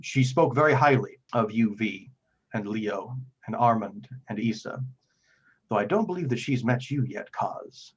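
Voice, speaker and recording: A man's voice: lowish voice, expressive, measured pace, husky. A man voicing a kindly, gracious old male priest who speaks formally and solemnly, in a slightly muffled recording. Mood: grave.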